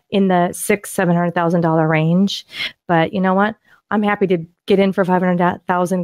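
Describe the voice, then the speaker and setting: A woman co-hosting a podcast, excitedly walking through property deals on screen in a casual, rambling way with frequent restarts. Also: on the low side, no room sound. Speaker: podcast co-host and land investor. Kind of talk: casual screen-share deal walkthrough.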